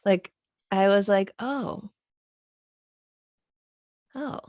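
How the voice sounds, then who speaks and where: A woman with a lowish voice co-hosts a podcast, recorded close and dry. She talks things through thoughtfully and acts out what others said to her. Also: normal speed, darkish tone, no room sound. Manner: thoughtful, quotes others animatedly. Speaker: podcast co-host. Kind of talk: casual conversation.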